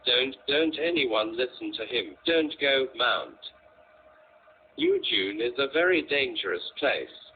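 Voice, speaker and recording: A man's voice: mid-range voice, sing-song, slow. A man reading as a timid young woman pleading. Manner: hesitant, pleading. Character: timid plump young woman, frightened but brave. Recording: tinny, lo-fi, faint noise.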